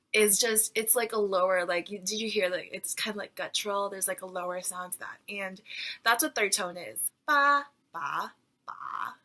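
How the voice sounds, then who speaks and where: A chatty Mandarin teacher gives a relaxed video lesson on pronunciation, repeatedly voicing syllables aloud to demonstrate. Her bright, clear voice sits at medium pitch, and she talks loosely with lots of fillers. The recording is rough.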